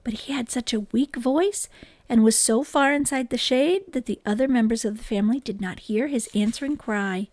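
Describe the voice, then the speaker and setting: A woman reading a children's book aloud in an expressive, gentle storytelling manner, close to the microphone. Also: a little high, moderate pace, no room sound.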